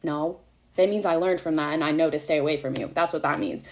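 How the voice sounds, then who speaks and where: Young woman, low-ish voice, quick delivery, casual storytime vlogger, irritated and chatty. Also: a little mellow. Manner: chatty, exasperated, swears freely, heavy use of "like".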